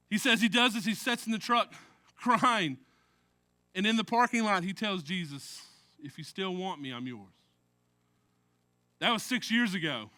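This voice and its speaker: A man's voice: sits high, bright, forceful tone. A man preaching a sermon in a conversational way, joking and often checking in with "right?" as he talks. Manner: conversational preaching with jokes and frequent "right?" asides. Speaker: pastor.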